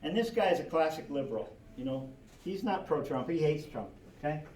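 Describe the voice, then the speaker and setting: A man's voice: on the high side, animated, fairly quick, darkish tone. A man teaching a history class, lecturing animatedly with rhetorical questions and chuckling asides, recorded from across a classroom. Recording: echoey classroom recorded from far off.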